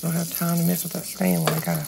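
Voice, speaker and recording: A hoarse woman, chatting to viewers while she cooks in her home kitchen, filmed on a handheld phone. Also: lowish voice, monotone, quick pace, noisy background. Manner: chatty, talks straight to viewers. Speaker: home cooking channel host. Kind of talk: casual cooking demonstration. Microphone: phone held in one hand.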